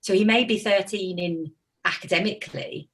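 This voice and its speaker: Husky mother telling lively stories. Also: mid-range voice, moderate pace. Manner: animated storyteller, laughs often. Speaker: parent of an autistic son. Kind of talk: casual group chat.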